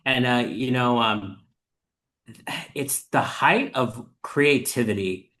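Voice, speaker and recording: Guy hosting a podcast, bright edgy voice, earnest and halting, lots of ums. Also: medium pitch. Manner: thoughtful, earnest, halting with fillers. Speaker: podcast host. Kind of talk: casual chat.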